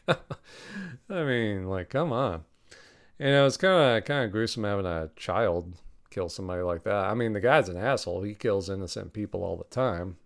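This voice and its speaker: A man with a low, gravelly voice that is also smooth and clear gives a casual spoken film review. He talks bluntly and swears freely, rambling through fillers and restarts and breaking into short laughs. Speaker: podcast host reviewing a film.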